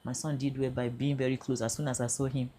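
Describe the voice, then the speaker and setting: An older Nigerian woman with a Nigerian accent earnestly recounts her own emotional experience, sometimes slipping into Pidgin. Her voice is bass, dark, and fast with little pitch movement, and there is slight background noise.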